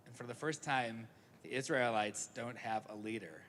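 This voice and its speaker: A man's voice: mid-range voice, moderate pace, fairly bright tone, a little hiss or hum. A man leading a family service, telling a story to a congregation with playful, jokey asides. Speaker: service leader. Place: synagogue sanctuary. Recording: echoey sanctuary, live broadcast.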